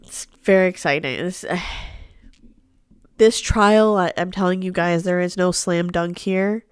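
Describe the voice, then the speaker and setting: A woman's voice: lowish voice, fairly even intonation, slow pace, clean tone, no echo. Stuffy-nosed woman, dry close sound. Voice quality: nasal, stuffed-up. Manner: blunt, swears often, laughs while talking. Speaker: true crime livestream host. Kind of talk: casual livestream recap.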